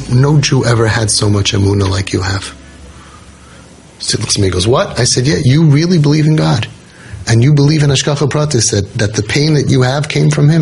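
A speaker on a parenting podcast tells a personal story in an informal talk to a listening group, speaking earnestly, restarting sentences often and mixing in religious Hebrew terms. His voice is mid-range and creaky.

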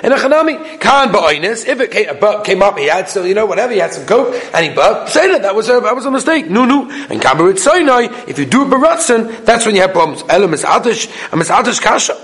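High-voiced man chanting a Talmud lesson. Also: sing-song, quick pace, few pauses, fairly bright tone. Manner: singsong study chant, mixing Hebrew and English. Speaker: Talmud teacher. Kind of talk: Talmud class lecture.

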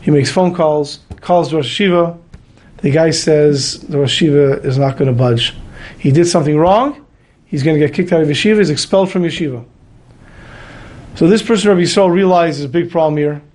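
A man with a high voice tells a moral story as a sermon. He is animated. He moves in and out of the characters' voices. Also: a little fast. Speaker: speaker telling a moral story.

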